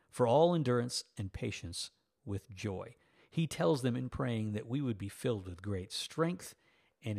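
A man's voice: fairly low pitch, vocal fry, darkish tone. A man in his fifties, a pastor delivering a sermon, reading scripture and breaking into folksy, self-teasing asides.

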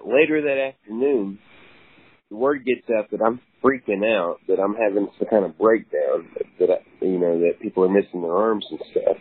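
A man's voice: lowish voice, breathy edge. A man caller earnestly telling a strange dream in a voicemail message. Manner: earnest, puzzled storytelling. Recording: tinny phone line.

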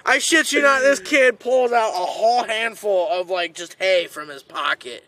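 Bright-voiced young man telling stories. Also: high-pitched, moderate pace, no echo. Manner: animated, profane storyteller. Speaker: podcast host. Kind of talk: casual storytelling.

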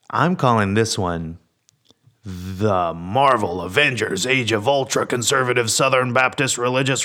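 A man with a lowish voice talks alone on his podcast in a casual, rambling way. He is a pastor, and his delivery is sarcastic and full of swearing and loose asides. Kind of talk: casual solo podcast monologue.

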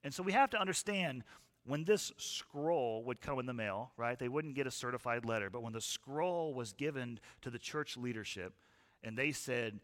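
Bright-voiced man preaching in a reverberant hall. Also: medium pitch, moderate pace. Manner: conversational, asks the audience questions. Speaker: pastor. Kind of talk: sermon. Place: church hall with live audience.

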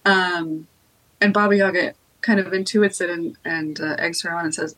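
A woman retelling a folktale as a podcast guest, relaxed with frequent ums and likes. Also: fairly low pitch, normal speed, no room sound, rough recording. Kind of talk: casual oral storytelling.

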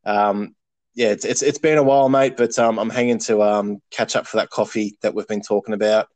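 A man's voice: on the low side, steady tone, fairly quick, darkish tone, no echo. A man, a podcast guest on a remote call, talking casually with many ums and restarts. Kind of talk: casual chat and joke telling.

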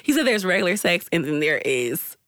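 A woman's voice: on the low side, brisk, dry recording, clean studio sound. A young woman co-hosting a podcast, chatting casually, laughing often and acting out little voices as she tells stories. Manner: laughs often, animated storytelling, mimics voices. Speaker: podcast co-host. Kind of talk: casual chat.

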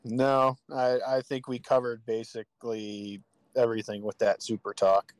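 A man with a middle-pitched voice, recorded close and dry with no room sound. He chats casually, joking and profane. He is quick to laugh. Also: flat delivery, no room sound. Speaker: podcast co-host. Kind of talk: casual chat.

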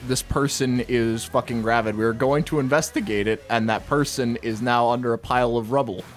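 A man's voice: medium pitch, steady tone, fairly quick, soft background music. A man playing a tabletop game who throws in wry, joking asides.

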